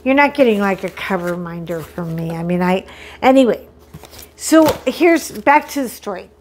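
A middle-aged woman hosting a crafting vlog, chatting casually and excitedly while unboxing, often poking fun at herself. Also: medium pitch, normal speed, a little hiss or hum. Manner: chatty, excitable, self-deprecating.

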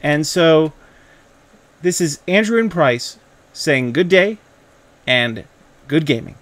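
A young man with a fairly high voice talks in a gaming video. He teases a rival creator with mock-pompous, playful banter. He lays down a friendly challenge with exaggerated grandeur. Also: lively intonation, takes it slowly, fairly bright tone.

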